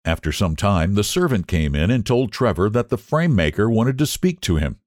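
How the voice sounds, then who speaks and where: A man narrating a story in a measured, expressive storytelling manner. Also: fairly low pitch, dry recording, studio quality. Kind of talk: audiobook narration.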